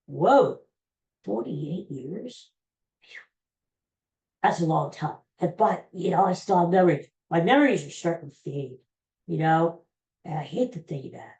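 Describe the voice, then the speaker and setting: An older man hosts a casual solo podcast in a high-pitched, slightly mellow voice, rambling and joking in a folksy manner. The room sounds roomy and echoey.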